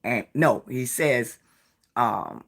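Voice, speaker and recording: Tired woman host, unhurried chatty live-stream talk, rambling and friendly to viewers. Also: very deep voice, gravelly, a bit bright, husky. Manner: rambling, chatty storytelling, greets viewers by name. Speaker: live-stream host of a jewelry design channel. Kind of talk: casual live-stream chat.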